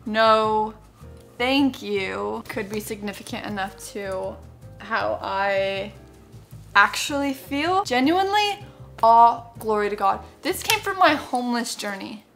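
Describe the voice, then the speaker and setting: A woman YouTuber talking in a casual vlog, excitable and gushing, full of exclamations. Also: on the high side, slow pace, vocal fry, soft background music.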